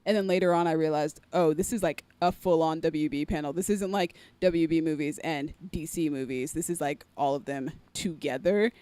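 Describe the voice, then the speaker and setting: A woman's voice: deep voice, steady tone, normal speed, hardly any pauses, dark tone, no room sound. Eager, chatty young woman co-host. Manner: eager, chatty, steers the topics. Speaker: podcast co-host. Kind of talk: casual chat.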